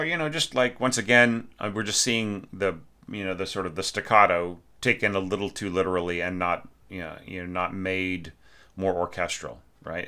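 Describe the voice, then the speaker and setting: Male orchestration teacher, very low bright voice, chatty and emphatic, sings phrases to demonstrate. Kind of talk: casual spoken feedback on a student's score.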